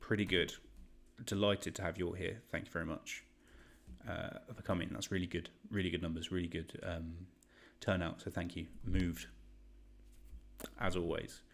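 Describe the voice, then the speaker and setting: A man's voice: low voice, flat delivery, normal speed, creaky. A man around thirty, hosting a live online quiz in a chatty, rambling, joking way. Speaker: quiz host.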